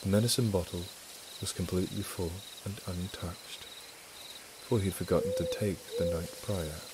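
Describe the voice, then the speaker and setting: A man narrating a dark story in a low, hushed, measured reading voice. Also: fairly even intonation, background noise.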